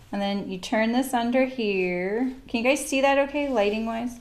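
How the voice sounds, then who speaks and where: A woman's voice: fairly high pitch, moderate pace, hardly any pauses. Chatty woman sewing on a livestream. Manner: chatty, rambling, laughs often. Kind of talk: casual chat while sewing live.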